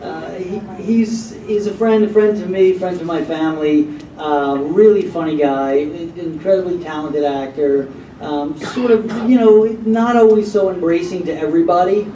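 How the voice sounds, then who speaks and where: A man telling anecdotes to an audience in an animated, rambling way, recorded in an echoey hall from far off. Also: on the high side, normal speed, slight background noise. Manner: animated, rambling, with many fillers. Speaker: actor telling anecdotes on a panel. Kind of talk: casual storytelling to an audience.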